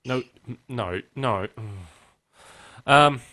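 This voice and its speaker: A man's voice: medium pitch, very slow, sharp tone. This man chats casually as a podcast co-host. He is blunt and rambling, often restarting his sentences before he carries on. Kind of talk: casual chat.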